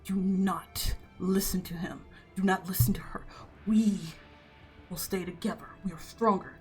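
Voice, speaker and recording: A woman's voice: mid-range voice, fairly even intonation, unhurried, darkish tone, faint music behind, lightly acted. A woman voicing a proud, stern old grandfather who speaks in a commanding, insistent way in a tabletop game. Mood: urgent.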